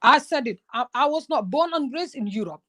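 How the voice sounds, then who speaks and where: A woman's voice: high voice, animated, a little fast, pushed and bright. A woman from Gambia with a Gambian accent, talking earnestly and emotionally in conversation, often stammering and restarting her words. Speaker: YouTuber guest. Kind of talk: impassioned conversation.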